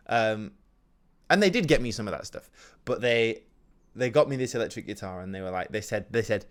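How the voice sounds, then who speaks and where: A man, telling a rambling, jokey personal story on his solo podcast, swinging from loud outbursts to mumbles. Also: medium pitch, animated, moderate pace. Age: 20s. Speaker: podcast host.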